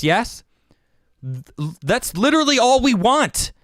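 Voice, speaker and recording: A man's voice: on the high side, very animated, unhurried, a bit bright, dry recording, clean studio sound. Heated, stammering man. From United States. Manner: heated and insistent, stammering restarts and repeated words. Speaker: show host. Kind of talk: livestream political commentary, reading chat.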